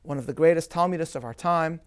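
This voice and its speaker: A rabbi giving a measured, emphatic scripted lecture on a religious festival, with Hebrew terms woven in. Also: male voice, a little high, smooth.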